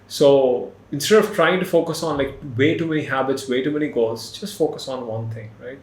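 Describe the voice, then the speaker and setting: A man hosting a podcast in casual chat, animated and quick to laugh. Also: mid-range voice, echoey room. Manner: animated, laughs often, puts on mock voices. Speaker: podcast host.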